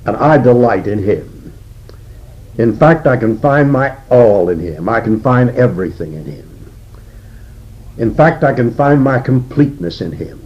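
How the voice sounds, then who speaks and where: An older man preaching an expository sermon as a Bible teacher, slow and deliberate with frequent pauses. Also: fairly low pitch, animated, darkish tone, husky. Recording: dull lo-fi recording.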